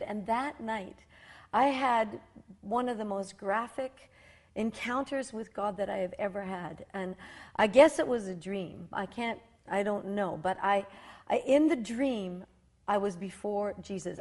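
A woman in her fifties from rural Saskatchewan, Canada, appears as a talk show guest sharing a personal testimony. She tells it in an animated storytelling style with many restarts, using an unhurried, mid-range voice.

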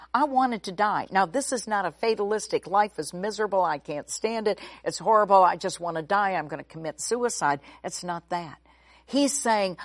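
Woman Bible teacher, mid-pitched, emphatic, slows for key words, dry studio sound. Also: dry recording.

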